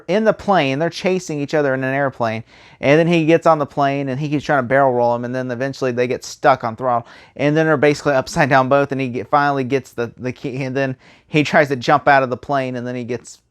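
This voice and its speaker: A man giving a casual spoken movie review, rambling and animated, full of fillers and restarts. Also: medium pitch, smooth.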